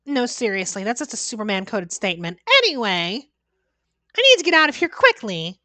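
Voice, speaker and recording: A woman's voice: mid-range voice, very animated, fairly quick, sharp tone, no room sound. A woman VTuber commenting on horror games she is playing, sarcastic and playful, with exaggerated reactions. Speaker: VTuber game streamer. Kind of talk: let's-play horror game commentary.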